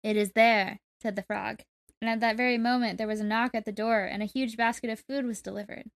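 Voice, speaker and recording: A woman reads a folk tale aloud for a comedy podcast, playful and ready to laugh at her co-host. Her voice sits a little on the high side. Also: steady tone, quick pace, creaky. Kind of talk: storytelling read-aloud with joking asides.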